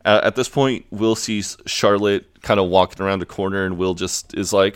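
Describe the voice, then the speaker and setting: A man's voice: little pitch movement, normal speed, hardly any pauses, clean tone, no echo. A man co-hosting a podcast, casually recapping a TV episode and acting out lines in a raised voice. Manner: casual, swears, acts out quotes in a higher voice. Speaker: podcast co-host.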